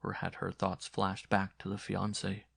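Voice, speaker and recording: A man narrating a horror tale in a measured, grave storytelling manner. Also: sits low, completely flat delivery, vocal fry, a bit bright, slightly rough, no echo, studio quality.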